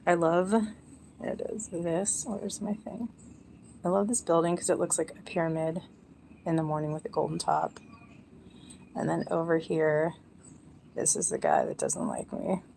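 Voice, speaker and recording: A woman's voice: deep voice, animated, normal speed, creaky, long pauses, dark tone, slight background noise. A young woman rambling casually on a live stream, chatty and self-mocking.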